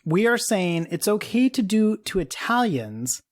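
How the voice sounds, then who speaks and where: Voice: medium pitch, big pitch swings, a little slow. A podcast cohost in casual chat, musing and arguing a point while thinking aloud. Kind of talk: casual pop-culture chat.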